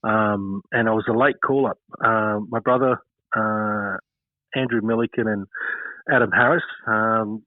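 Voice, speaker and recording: A man's voice: lowish voice, steady tone, a little slow, no room sound. Australian man on a phone-like line. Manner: rambling, many fillers, chuckles while telling stories. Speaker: former cricketer, podcast guest. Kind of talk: casual interview storytelling.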